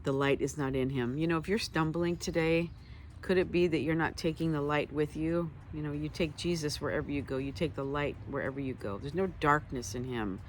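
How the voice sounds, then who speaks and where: A woman's voice: low-pitched, slight background noise. A woman teaching from the Bible, reading passages aloud and stopping often to add conversational comments. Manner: conversational, reads scripture aloud then adds asides.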